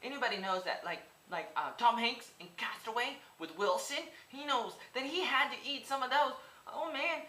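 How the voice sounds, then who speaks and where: A man's voice: very high-pitched, normal speed, hardly any pauses, bright, forceful tone. A man in his twenties rambling through a goofy, tangent-filled casual monologue. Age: 20s. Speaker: vlogger. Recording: echoey room with faint background noise.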